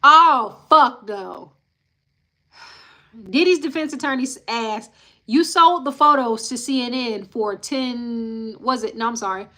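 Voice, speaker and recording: Bright-voiced woman recapping court testimony live. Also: fairly high pitch, unhurried. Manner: reads quotes plainly, breaks off with sighs and blunt asides to viewers. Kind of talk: casual live-stream recap, reading quotes aloud. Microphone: live-stream mic.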